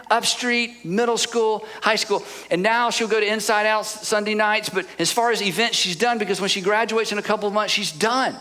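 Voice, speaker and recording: A man's voice: high-pitched, pushed and bright. A middle-aged male pastor giving a heartfelt sermon, telling stories with earnest repetition and growing emotional at moments. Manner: earnest, storytelling, repeats "I'm telling you". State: emotional, choked up at times.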